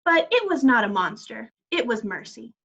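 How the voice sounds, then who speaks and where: A woman reading aloud, voicing a timid, worried older woman with a gentle manner. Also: fairly high pitch, very animated, normal speed, husky, heavily acted. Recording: dull lo-fi recording.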